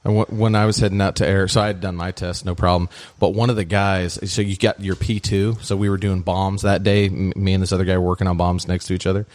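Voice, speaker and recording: A man and former army bomb technician, relaxed and matter-of-fact, telling a story from training. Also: low-pitched, fast, few pauses, dry recording. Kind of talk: casual storytelling chat.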